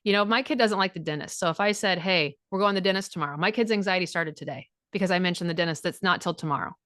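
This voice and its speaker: A woman's voice: lowish voice, fast talker, fairly bright tone, no room sound, clean studio sound. Blunt, frank woman coach. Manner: blunt and frank, acts out quoted dialogue, swears freely. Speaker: divorce recovery coach. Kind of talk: direct coaching talk.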